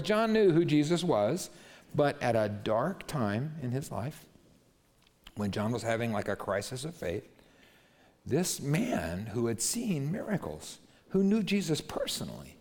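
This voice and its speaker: A man preaching a sermon in a chatty, storytelling way, often dropping his voice low and soft for quoted lines. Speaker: pastor. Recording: hall reverb.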